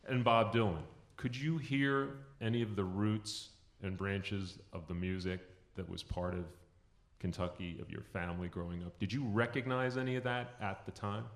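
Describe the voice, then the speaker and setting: A man's voice: on the low side, steady tone, moderate pace. A man interviewing a guest onstage, asking long, thoughtful, winding questions. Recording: echoey room.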